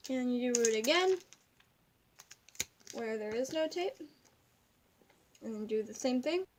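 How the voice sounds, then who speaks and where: Rambling young woman's slow craft tutorial. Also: on the high side, animated, slight background noise. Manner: rambling, giggly, easily sidetracked. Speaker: craft video maker. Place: at home.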